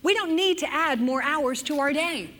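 A woman teaching a sermon to a group of women, animated and dramatic, acting out anxious and angry voices. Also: sits high, moderate pace, long reverb tail.

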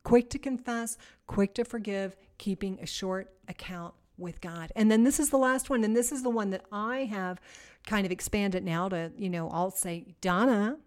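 A woman giving a conversational Christian teaching to women, energetic and emphatic, stacking repeated phrases and asking her listeners direct questions. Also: mid-range voice, moderate pace. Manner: energetic, repetitive, emphatic lists.

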